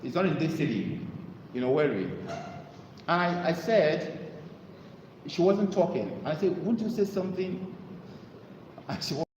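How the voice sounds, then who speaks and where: A man giving a motivational talk to an audience, telling stories and pitching his mentorship. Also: normal speed, long pauses, slight background noise. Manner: animated storytelling, sales pitch. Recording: echoey hall with long reverb.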